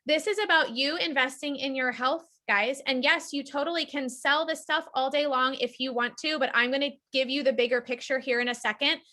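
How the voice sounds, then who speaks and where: Bright, high-voiced upbeat woman presenter. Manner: upbeat, persuasive, talks fast to the group. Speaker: team leader presenting a business opportunity. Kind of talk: sales presentation on a group call.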